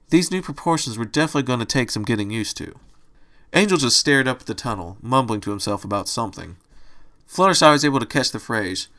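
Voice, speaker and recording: A man reading a fan fiction story aloud in a steady storytelling manner. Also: medium pitch. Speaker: storybook reader.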